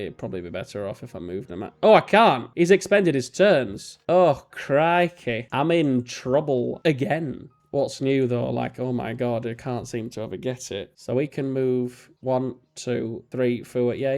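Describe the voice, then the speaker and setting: A young man, casually commentating his strategy game, chatty and self-mocking, now and then jumping into silly high voices. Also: gravelly, dark tone. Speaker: let's play host.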